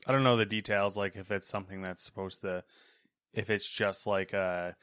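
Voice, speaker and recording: Low-voiced man, hesitant co-host. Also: fairly even intonation, normal speed, fairly bright tone, smooth, no room sound, clean studio sound. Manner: hesitant, filler-heavy. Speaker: podcast co-host. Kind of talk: casual podcast chat.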